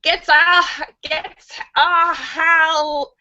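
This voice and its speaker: Woman, live-stream joke reading, animated, dry dull home recording. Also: mid-range voice, normal speed, no echo. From Los Angeles. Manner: animated, laughs at the punchlines. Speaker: host reading viewer jokes.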